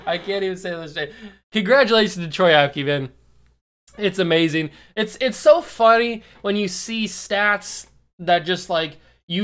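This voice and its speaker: A young man in his early twenties hosts a casual sports commentary monologue. He talks animatedly and teases his viewers, and he slows right down to lean on the words that matter. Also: sits high. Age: early 20s. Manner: animated, teasing, slows down to stress key words. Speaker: YouTube host.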